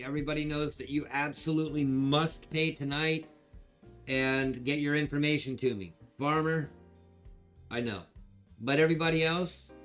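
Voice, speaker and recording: A man of ordinary pitch hosts a livestream auction, talking loosely and chatting with his viewers. He rambles through stories in a relaxed, conversational way. Faint guitar music plays quietly behind him. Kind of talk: casual livestream chat.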